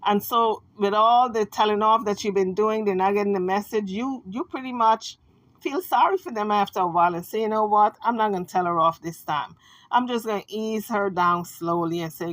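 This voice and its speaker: A woman's voice: medium pitch, fairly bright tone, no room sound, poor audio. A woman giving a casual commentary monologue, chatty and emphatic, talking straight to her viewers with playful mocking asides. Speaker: online gossip commentator.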